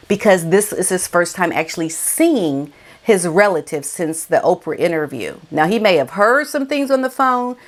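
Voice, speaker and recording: Emphatic woman giving gossip commentary. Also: lowish voice. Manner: emphatic and colloquial, repeats key words for effect. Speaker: vlogger. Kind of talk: casual celebrity gossip commentary.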